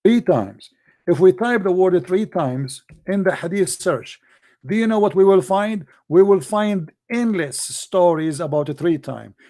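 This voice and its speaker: Man, Arabic accent, live debate host, emphatic, mocking, mellow tone. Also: high voice, animated, measured pace. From Middle East. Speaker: apologetics show host.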